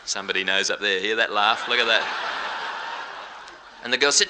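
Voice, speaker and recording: A man's voice: fairly low pitch, fairly even intonation, a little fast, long pauses, bright, forceful tone, a little hiss or hum. A man doing rambling, jokey, sing-song stage patter between songs, live on a theatre stage in London. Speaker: entertainer.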